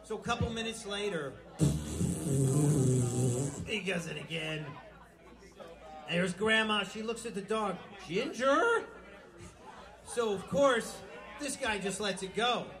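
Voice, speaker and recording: Onstage at a small live venue, a male comedian with a high-pitched voice tells crude jokes in a rambling, loose way, keeping a measured pace and pausing often. The live club recording includes music and audience noise behind him.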